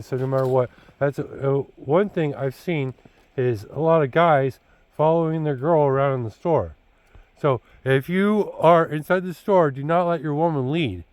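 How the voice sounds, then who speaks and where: A man's voice: a little high, normal speed, a little mellow, no room sound, low-quality recording. A man talking casually to his son about dating, blunt and preachy, looping back with filler words like "you know" and "dude". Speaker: father giving his son dating advice. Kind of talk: casual rambling vlog talk.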